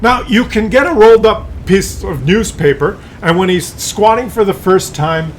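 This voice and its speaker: A man's voice: sits high, normal speed, a little hiss or hum. A man ranting in a rambling, profane monologue, full of fillers and restarts. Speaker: streamer.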